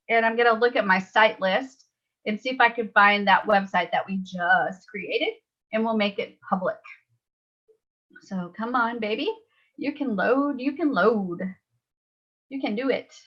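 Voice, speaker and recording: A woman's voice: fairly high pitch, muffled recording. A woman leading a live online webinar tutorial, chatty and upbeat, laughing easily. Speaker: webinar trainer.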